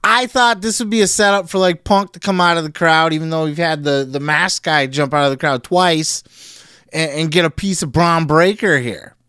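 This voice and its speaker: A man's voice: on the high side, normal speed, clean tone, no echo. Guy ranting about wrestling, swears a lot, laughs a bunch, dry close sound. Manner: profane, animated, laughs often. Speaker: wrestling show reviewer. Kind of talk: casual solo commentary.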